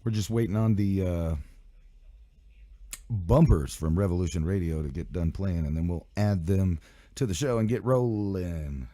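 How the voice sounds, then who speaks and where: A man's voice: low voice, normal speed, mellow, no echo. A man hosting a live radio show in loose, rambling, profane banter, his voice sick. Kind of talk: casual live stream and radio chat.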